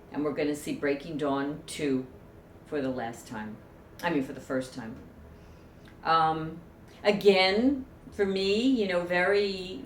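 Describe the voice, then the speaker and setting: A woman with a lowish voice tells a personal memory to camera, heartfelt and emotional. The sound is roomy and echoey, with a faint hum of ambience behind her. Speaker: vlogger.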